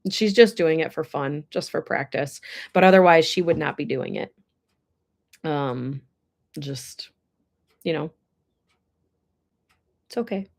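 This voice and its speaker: A woman's voice: low-pitched, slow, creaky, long pauses, a little mellow. Emotional woman chatting on a livestream. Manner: emotional, teary, reads viewer comments. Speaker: horse ranch livestreamer. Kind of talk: casual livestream chat. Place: indoors with air blowing.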